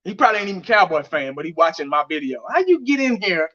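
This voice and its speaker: A man's voice: sits high, very animated, fast talker, bright, forceful tone. A man giving blunt, heated fan commentary on his vlog, laughing mockingly as he rants. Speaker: fan vlogger. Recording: dull lo-fi audio.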